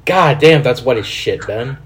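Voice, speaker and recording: A man from Kansas City hosting a casual podcast, telling stories in a profane, animated way. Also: medium pitch, normal speed. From Kansas City, USA. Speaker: podcast host.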